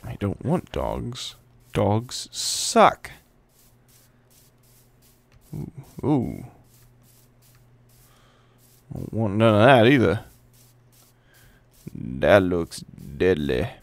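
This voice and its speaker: Gravelly low-voiced man playing a game. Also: sing-song, extremely slow, long pauses, dry recording. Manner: playful, chats to the game animals. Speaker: gameplay commentator. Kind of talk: casual let's play commentary.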